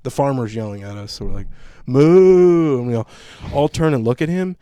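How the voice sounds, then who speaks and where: A man's voice: mid-range voice, fast talker, dry recording. Profane ranting man, dry sound. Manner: profane, animated storytelling rant. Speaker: podcast host. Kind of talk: casual chat.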